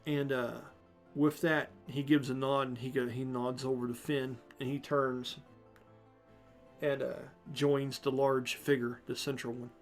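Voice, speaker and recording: A man narrating a tabletop game as game master, relaxed and improvising with fillers. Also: medium pitch, unhurried, faint music behind.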